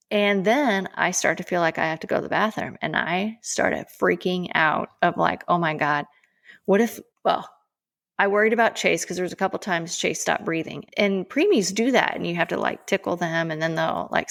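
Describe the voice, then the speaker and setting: A woman in her forties tells a personal story on her podcast, with lively emphasis and frank asides. Her voice sits low and carries a rough, gravelly edge. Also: moderate pace. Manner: emphatic, animated retelling. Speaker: podcast co-host.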